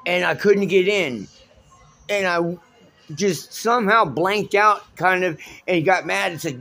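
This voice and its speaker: A man's voice: high-pitched, animated, unhurried, a bit bright. A man telling raw, rambling stories on his own phone vlog, agitated and swearing as he talks, recorded in a hotel room on a handheld phone. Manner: raw, unscripted storytelling. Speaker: vlogger.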